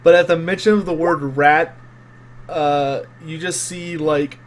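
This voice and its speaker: A man's voice: fairly high pitch, steady tone, measured pace. A man narrating as game master in a tabletop role-playing game, casual with many fillers.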